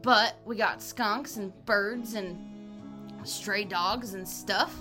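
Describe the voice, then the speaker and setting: A woman co-hosting a podcast, telling stories in a casual, animated chat and swearing freely. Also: mid-range voice, slow pace, faint music behind. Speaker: podcast co-host.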